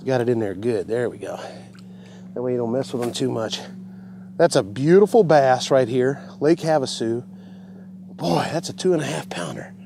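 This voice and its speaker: A man hosting a fishing show, giving excited commentary from a boat on a lake and talking to the fish and the viewers at home. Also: medium pitch, vocal fry, slight background noise. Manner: whoops and laughs, talks to the fish and the folks at home.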